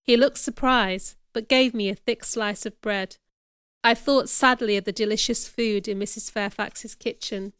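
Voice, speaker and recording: Smooth-voiced woman reading a story. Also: a little high, fairly even intonation, unhurried, fairly bright tone, no echo, studio quality. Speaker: narrator. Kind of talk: scripted audiobook narration.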